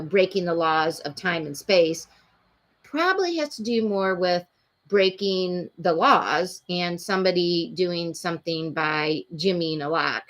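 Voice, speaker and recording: A woman's voice: on the low side, fairly bright tone. A woman hosting a true crime show, talking casually and indignantly with many fillers. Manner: opinionated, indignant, rambling with fillers.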